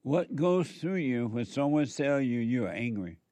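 A man giving a preachy spoken monologue, repeating rhetorical questions and pausing for answers. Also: mid-range voice, lively intonation, mellow, no echo. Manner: acts out quoted back-and-forth dialogue. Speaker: speaker addressing listeners.

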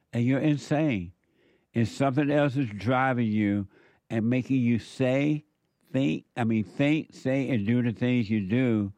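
A man's voice: medium pitch, darkish tone, dry recording. A man hosting a call-in radio show, lecturing listeners emphatically and laughing often between points. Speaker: radio host. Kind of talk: call-in talk show preaching. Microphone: studio mic.

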